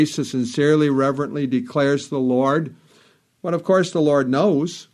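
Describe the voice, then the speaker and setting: A man preaching a sermon, quoting old scripture in a measured way and rising in fervor at the prayers. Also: a little high, darkish tone.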